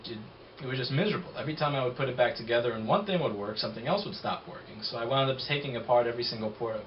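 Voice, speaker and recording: A man's voice: medium pitch, lo-fi sound, slight background noise. A man who owns a repair shop tells a story in a casual, blunt and profane rant, full of sarcasm.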